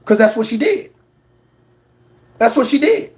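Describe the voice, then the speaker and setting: A man's voice: very high-pitched, very animated, unhurried, a little mellow. A man hosting a reaction commentary show, preaching at his audience, repeating words for emphasis and mocking others in put-on voices. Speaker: commentary channel host.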